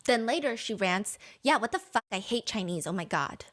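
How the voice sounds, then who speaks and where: Speaking at a moderate pace in a mid-range voice, a woman animatedly recounts a story in casual conversation. She reads messages aloud, laughs, and swears without holding back.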